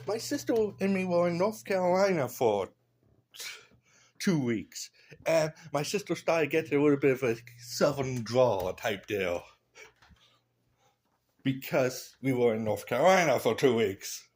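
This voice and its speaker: A man's voice: mid-range voice, expressive, normal speed, darkish tone. A man in a casual vlog, rambling through blunt opinions with loose asides. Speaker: vlogger.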